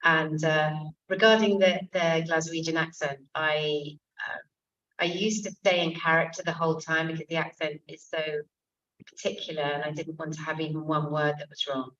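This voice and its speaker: An English actor and author answering audience questions at a bookshop event, candid and self-mocking, with frequent swearing. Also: female voice, low voice, steady tone, moderate pace, a bit bright. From England. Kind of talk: casual stage conversation. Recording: distant, dull lo-fi room recording.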